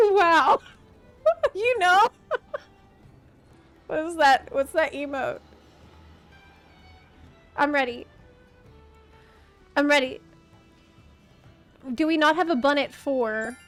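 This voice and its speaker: A woman's voice: sits high, animated, extremely slow, long pauses, faint music behind. A woman streamer chatting casually with teammates while gaming, playful and giggly. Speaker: game streamer.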